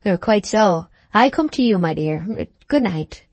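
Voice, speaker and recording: A man's voice: high-pitched, animated, unhurried, dry recording, dull audio, exaggerated voice. A woman voicing an evasive young male soldier in an audiobook, with a cool, offhand manner. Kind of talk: audiobook character reading.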